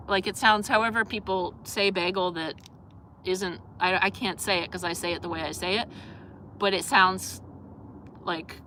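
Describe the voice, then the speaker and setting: A woman's voice: medium pitch, bright, forceful tone, slight background noise. A young adult woman hosting a casual live stream, chatting in a rambling way with lots of fillers and reading out viewer comments.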